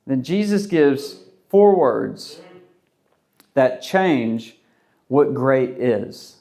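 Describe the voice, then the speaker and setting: A man preaching a sermon as a pastor, talking in a relaxed, conversational way and acting out the voices of people he quotes. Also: mid-range voice, extremely slow, creaky, long pauses.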